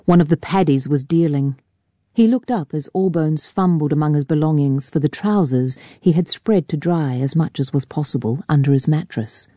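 A woman reading a novel aloud in a measured, even narration on a close mic. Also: low voice, dry recording. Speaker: audiobook narrator. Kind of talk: scripted narration.

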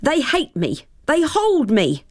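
A woman's voice: on the high side, expressive, slow, voice pushed up, exaggerated voice. Woman doing a shivering old great-aunt ghost. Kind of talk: storybook reading.

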